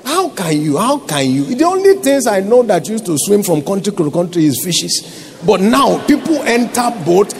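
A man's voice: high voice, sing-song, moderate pace, a little hiss or hum. A man with a Nigerian accent preaching a sermon as pastor, exhorting the congregation with repeated questions.

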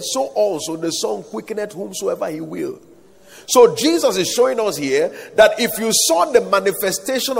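Preacher guy, high lively voice, sing-songy and drawn out, big echo hall. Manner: calls for amens, sing-song emphatic delivery, slow drawn-out stresses. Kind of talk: sermon.

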